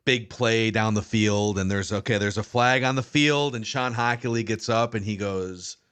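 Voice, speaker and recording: A man's voice: lowish voice, normal speed, a bit bright, clean tone, no echo. A man co-hosting a casual football podcast, chatting loosely and reading out listener questions. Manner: conversational, reads listener questions, many fillers like dude. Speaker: podcast co-host.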